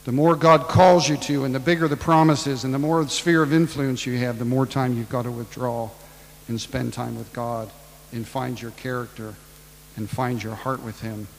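A man's voice: mid-range voice, steady tone, moderate pace, long reverb tail, slight background noise, poor audio. A man preaching a casual storytelling sermon, ad-libbing and acting out the people in the tale. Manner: casual, ad-libbing retelling with acted-out voices.

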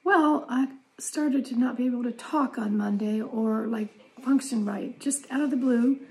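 Older woman, casual family chat, animated, laughs often, fairly high voice. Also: moderate pace, poor audio.

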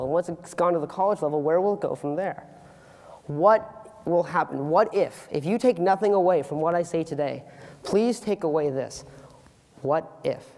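A teenage boy giving an earnest, animated student talk on stage, with comic asides. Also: a little high, long reverb tail. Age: teens. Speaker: student speaker. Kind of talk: youth public talk. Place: auditorium stage.

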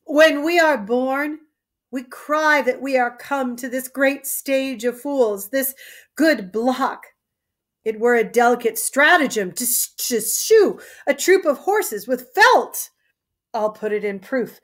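A woman reading aloud as a mad old king, crying out, laughing and shouting in high, shrill bursts. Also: slow. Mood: grieving, preaching, then vengeful. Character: mad old king, raving, weeping and wild.

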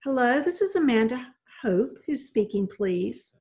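A woman's voice: on the high side, big pitch swings, measured pace, darkish tone, pitched above the performer's own voice. A woman reading aloud, voicing an eager, determined young girl in a children's storybook.

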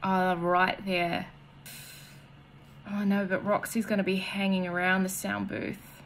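A woman's voice: mid-range voice, level tone, a little slow, a bit bright, a little hiss or hum. A woman giving nervous horror-game commentary, whispering one moment and shrieking the next. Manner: jumpy, swings from whispers to shrieks. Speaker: gaming streamer.

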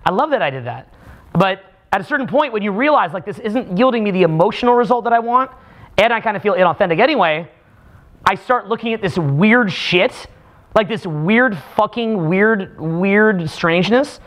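A man leading a live workshop for a small group, talking in a profane, animated way with mock rants. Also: high voice, normal speed. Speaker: seminar speaker.

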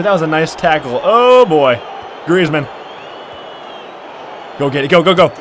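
A man giving excited, trash-talking commentary over his own football video game match, often shouting. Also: on the high side, unhurried, long pauses, a faint crowd, slight background noise. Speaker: gaming commentator.

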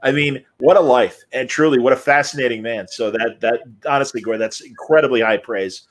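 A man's voice: mid-range voice, brisk. A man hosting a live Q&A interview, telling anecdotes animatedly and acting out the people he quotes. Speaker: host.

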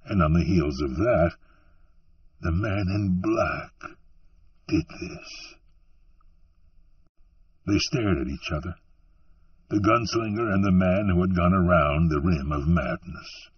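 A man reading an audiobook in a measured, dramatic narration, heard as a dull, distant recording. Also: low-pitched, a little hiss or hum.

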